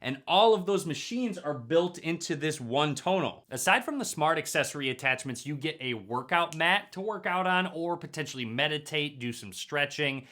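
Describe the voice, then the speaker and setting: A young man presenting a home product review vlog in an upbeat, clear presenter manner, recorded in a room at home. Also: fairly high pitch, animated, normal speed, hardly any pauses, sharp tone. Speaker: tech reviewer. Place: home room with a wall-mounted gym.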